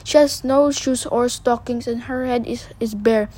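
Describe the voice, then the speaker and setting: A woman reading the lines of a gentle, pleading male statue prince in a fairy tale, earnestly and with some stumbles. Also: fairly high pitch, steady tone, a little slow.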